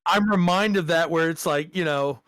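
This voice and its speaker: A man's voice: on the high side, moderate pace, a bit bright, no room sound, clean studio sound. Joking, laid-back podcast co-host man. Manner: laid-back, joking, with profane sports banter. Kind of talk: casual podcast chat.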